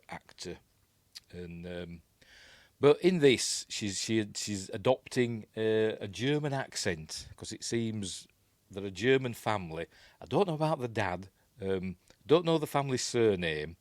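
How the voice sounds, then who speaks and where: A man's voice: deep voice, no echo. A man with a Yorkshire accent giving a casual, rambling film breakdown as a reviewer, with lots of ums and asides. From Yorkshire, England.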